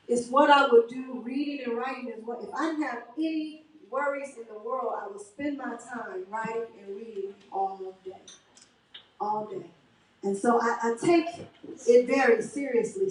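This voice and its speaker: A woman's voice: on the high side, a little mellow, a little hiss or hum. Author from Chicago, a woman, earnest and rousing, heard from a distance in an echoey hall. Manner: earnest and rousing, addresses the crowd as y'all. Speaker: author hosting her book launch. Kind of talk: speech at a book reception. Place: event hall at a book reception. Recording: echoey hall, mic from a distance, faint ambience.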